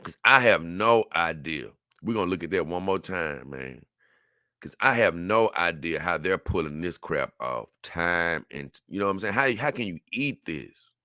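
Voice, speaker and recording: Man, casual reactor, bright voice, dry close sound, animated and exclaiming. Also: low voice, moderate pace, no echo. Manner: animated, exclaiming and laughing, dips into mock voices. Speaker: video reactor.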